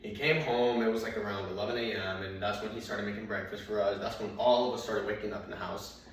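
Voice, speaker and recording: A man's voice: on the low side, steady tone, fast talker. A man doing stand-up, telling rambling anecdotes full of fillers and restarts. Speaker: stand-up comedian. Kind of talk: stand-up storytelling. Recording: very echoey room, mic far off, faint noise.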